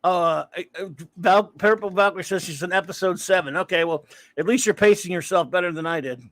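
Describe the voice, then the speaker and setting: A man's voice: high-pitched, brisk, no echo. A man hosting a casual livestream, rambling and greeting viewers by name as he reads the chat. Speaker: livestream host. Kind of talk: casual live-stream chat, reading chat aloud.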